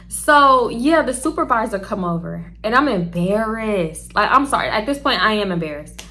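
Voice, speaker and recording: A young woman, chatty and animated, telling a storytime to camera and talking straight to her viewers. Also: medium pitch, moderate pace. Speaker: storytime vlogger.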